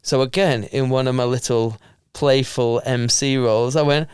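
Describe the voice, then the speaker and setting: A man, a comedian and compere, telling stage stories in a casual podcast chat with lively acted asides. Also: moderate pace, clean tone, no echo, clean studio sound. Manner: animated storyteller, jumps into high acted voices.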